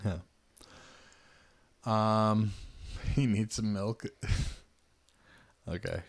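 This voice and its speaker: A man's voice: fairly low pitch, fairly even intonation, very slow, vocal fry. A man hosting a casual livestream, offhand and trailing off into mumbles. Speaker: streamer host.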